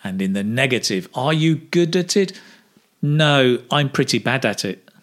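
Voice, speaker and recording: A man leads an English speaking lesson in an unhurried, measured way. His pitch rises and falls widely as he models each phrase with clear intonation for the listener to repeat. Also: animated. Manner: slow, exaggerated model phrases for repetition. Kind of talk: scripted pronunciation lesson.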